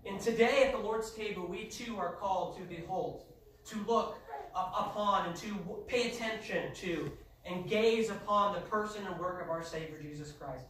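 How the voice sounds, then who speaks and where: A man's voice: high voice, normal speed, recorded from a distance, slight background noise. Man, pastor, emphatic sermon, heard from afar in a very echoey church. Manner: emphatic preaching, rising to shouts. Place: church sanctuary.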